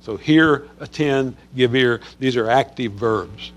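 A man's voice: medium pitch, slow. A man teaching a Bible study on a Psalm in a conversational way, with frequent fillers and restarts.

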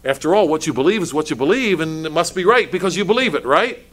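A man's voice: a little high, lively intonation, quick pace, fairly bright tone. A male pastor preaching a sermon, asking pointed rhetorical questions and stumbling over restarts as he builds his points.

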